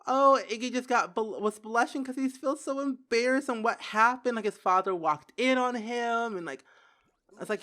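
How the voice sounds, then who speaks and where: A young woman giving casual gameplay commentary who giggles, gets excited and says "like" a lot. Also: fairly high pitch, moderate pace. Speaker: gaming video creator.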